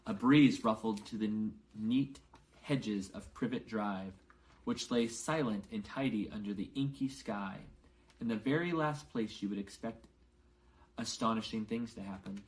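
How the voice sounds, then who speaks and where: A man's voice: on the low side, a little slow, low-quality recording. Man reading a novel aloud for learners. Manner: clear, careful reading with brief explanations. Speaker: English teacher.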